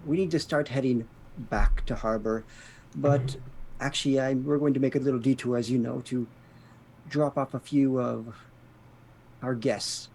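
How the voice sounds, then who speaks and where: A man voicing a sly, smooth-talking male ship captain, pointed and quietly menacing. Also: mid-range voice, steady tone, normal speed, long pauses, slight background noise, lightly acted, poor audio. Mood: businesslike.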